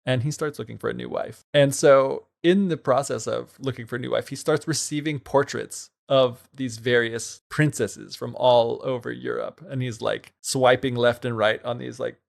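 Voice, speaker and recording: A man's voice: mid-range voice, fairly even intonation, moderate pace, vocal fry, few pauses. A man co-hosting a podcast, retelling a folktale in casual chat and playfully acting out the characters. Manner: playful, acts out characters with sarcastic quoted voices.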